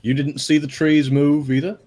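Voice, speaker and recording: A man's voice: on the high side, little pitch movement, moderate pace, a little mellow, a little hiss or hum. A man playing a tabletop game, joking and teasing. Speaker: player. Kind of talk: casual tabletop chat.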